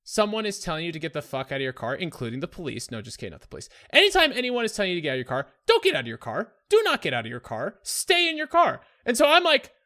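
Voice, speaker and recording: A man co-hosting a podcast, telling a profane story in casual chat and acting out shouted quotes. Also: high-pitched, huge pitch swings, rapid-fire, hardly any pauses. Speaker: podcast co-host.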